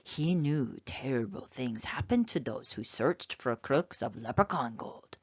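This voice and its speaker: A woman reading a children's picture book aloud with expressive, dramatic narration. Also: a bass voice, a little slow, breathy edge, no room sound. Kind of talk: storybook read-aloud narration. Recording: slightly dull, dry lo-fi sound.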